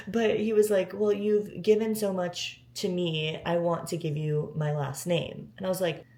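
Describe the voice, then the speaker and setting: A woman's voice: lowish voice, flat delivery, a little slow, dark tone. A woman in her twenties tells a personal story in a vlog, emotional and near tears, with many filler words. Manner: emotional, gushing, close to tears. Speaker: vlogger.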